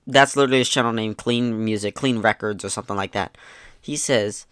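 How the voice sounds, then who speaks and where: A man's voice: on the low side, fairly quick, a bit bright, smooth, dry recording, studio quality. A man giving laid-back, sarcastic commentary as he reads out online messages, swearing casually and mocking what he reads. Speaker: YouTube commentator.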